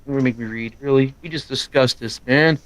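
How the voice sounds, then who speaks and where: A middle-aged man chatting casually on a live stream, loud and quick, rambling from story to story. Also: mid-range voice, no room sound. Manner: loud, fast-talking, rambling. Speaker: streamer co-host. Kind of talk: casual chat.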